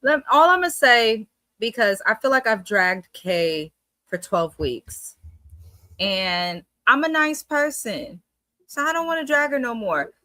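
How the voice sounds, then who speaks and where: A woman co-hosting a casual reality TV recap, giving frank advice at a measured pace. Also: a little high, very animated, pushed and bright, dry recording. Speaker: podcast co-host.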